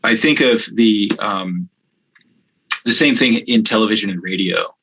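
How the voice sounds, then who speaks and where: A man's voice: on the low side, unhurried, fairly bright tone, slightly rough, rough recording. A middle-aged man with a Midwestern American accent, answering interview questions in a thoughtful, hesitant way, with many fillers and restarts. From United States. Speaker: guest theology professor.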